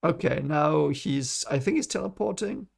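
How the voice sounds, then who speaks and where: Rambling gravelly man reading along. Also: fairly high pitch, expressive, moderate pace. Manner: thinks aloud, rambling with frequent restarts. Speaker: book reaction reader. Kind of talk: casual read-along commentary.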